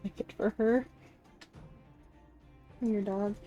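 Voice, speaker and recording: A woman's voice: medium pitch, fairly even intonation, slow pace, warm tone, highs cut off, soft background music. A woman live-streaming a game, chatting casually with her viewers and rambling with lots of filler words.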